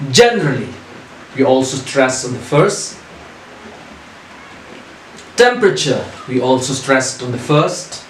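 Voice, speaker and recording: A man teaching a recorded lesson, asking questions and answering them himself in a deliberate way. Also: mid-range voice, a little hiss or hum. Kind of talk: recorded online English lesson. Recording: echoey room.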